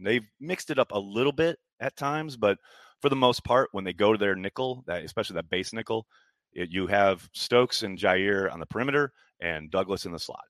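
A man's voice: fairly low pitch, a bit bright, no room sound, studio quality. A man hosting a live fan chat stream, hyped and chatty as he reads comments and answers questions. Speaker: podcast host reading chat.

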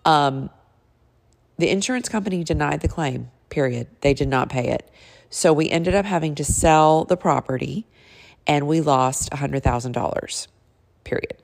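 Middle-aged woman, low voice, gravelly fry, chatty earnest vlog storytelling. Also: normal speed, darkish tone, big-room sound. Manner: earnest, chatty, gets tearful. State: teary, voice breaking. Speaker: real estate agent.

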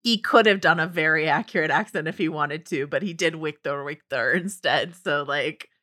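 A woman's voice: sits low, normal speed. A woman co-hosting a podcast, chatting casually with jokes, laughs and lots of "like". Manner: animated, laughing, joking, lots of "like". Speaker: podcast co-host. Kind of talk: casual chat.

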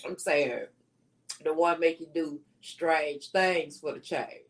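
Slow, slangy woman co-hosting. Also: deep voice. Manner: laid-back, slangy, drawn-out delivery. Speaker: co-host. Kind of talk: casual live-stream chat.

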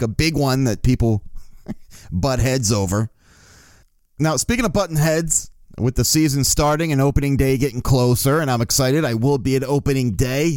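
A man hosts a casual sports podcast, speaking in a middle-pitched, everyday voice. He is opinionated and swears freely, working himself up as he argues his points. The sound is dry and close, with no room echo. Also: darkish tone, clean tone. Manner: opinionated, profane, gets worked up. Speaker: podcast host.

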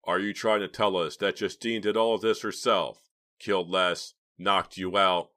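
A man's voice: low-pitched, steady tone, moderate pace, bright, forceful tone. A man reading an audiobook, voicing a blunt, disbelieving teenage boy. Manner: challenging, blunt.

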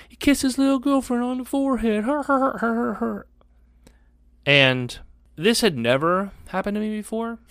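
A man in his forties, a podcast co-host telling a story in casual chat, animated, swearing freely and acting out voices. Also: medium pitch, no room sound, clean studio sound.

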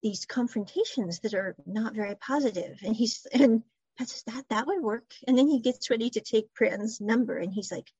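Woman, fairly high voice, chatty recap of a series, dry muffled lo-fi recording. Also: expressive, moderate pace, darkish tone, slightly rough, no room sound. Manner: chatty storytelling, quoting characters in her own voice. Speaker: show recapper. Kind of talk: casual episode recap.

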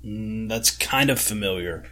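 A man in his thirties co-hosting a sports podcast, answering in short, measured remarks. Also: on the low side, bright, forceful tone. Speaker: podcast co-host. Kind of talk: casual sports podcast chat.

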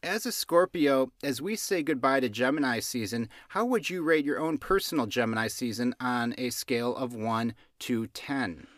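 A man hosting a casual astrology podcast, chatting in an unhurried way and laughing at his own jokes, on a close mic. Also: medium pitch, a bit bright, no echo. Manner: giggly, self-amused, unhurried. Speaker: podcast host.

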